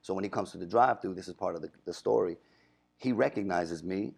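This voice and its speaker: Deep gravelly man telling a story. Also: fast talker. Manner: animated storyteller, acts out quoted voices. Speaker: radio DJ. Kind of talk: casual storytelling interview.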